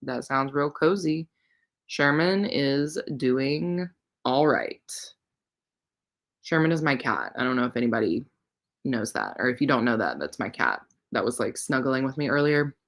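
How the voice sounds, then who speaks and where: Between reading sprints, a readathon livestream host chats casually and playfully, using slangy, offhand phrasing. The voice is medium-pitched, expressive, and fairly bright, at a normal speed.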